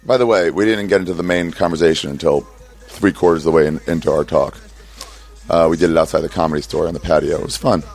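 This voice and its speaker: A man in his thirties hosting a podcast, rambling and swearing as he tells an animated story in casual chat. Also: extremely low pitch, quick pace, faint music behind. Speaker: podcast host. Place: outdoor patio by a street.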